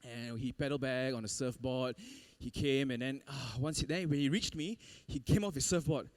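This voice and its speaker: A man preaching a sermon, telling a personal story in an animated way and laughing often. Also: medium pitch, moderate pace. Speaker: pastor.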